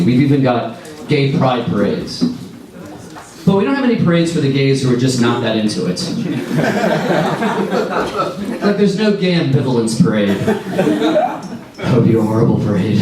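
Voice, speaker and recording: A man in his forties doing a stand-up comedy set, wry and deadpan with lively storytelling. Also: medium pitch. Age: 40s. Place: comedy club stage. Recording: echoey club sound from a distance. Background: audience laughter.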